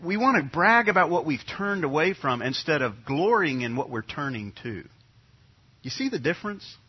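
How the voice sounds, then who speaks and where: A man's voice: fairly high pitch, big pitch swings, normal speed, slightly rough. A middle-aged man from New York preaching a sermon as pastor, talking in a conversational way and repeating his key phrases. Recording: dull lo-fi sound.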